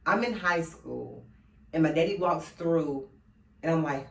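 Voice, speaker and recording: A woman's voice: deep voice, animated, measured pace, creaky, a bit bright. A woman in her thirties giving an earnest personal monologue. She speaks straight to her listeners and keeps coming back to the same phrases. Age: 30s. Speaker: speaker addressing men. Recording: roomy sound from a distant mic.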